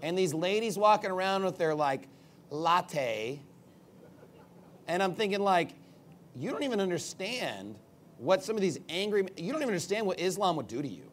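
A man's voice: sits high, sing-song, moderate pace, a little hiss or hum. A male pastor preaching a sermon off the cuff. He rambles at times and turns emphatic when he reads scripture.

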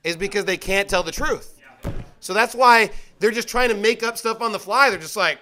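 Bright, high-pitched man preaching. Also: normal speed. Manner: animated, mocking quoted voices, reading scripture aloud. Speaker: pastor. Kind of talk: sermon.

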